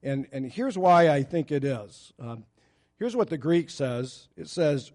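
A man's voice: on the high side, animated, a little slow, darkish tone. A man preaching a sermon in an earnest, conversational way, stressing scripture quotes. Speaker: pastor.

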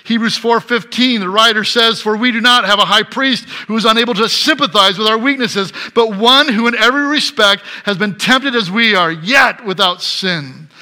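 A middle-aged man preaching a sermon as pastor, swinging between loud emphatic passages and soft quiet ones. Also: high voice, a little fast, few pauses.

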